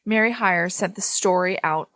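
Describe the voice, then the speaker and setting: A woman's voice: on the low side, normal speed, fairly bright tone, no room sound. A woman podcast co-host reading a paranormal story aloud, breaking off now and then to laugh and joke with her co-host.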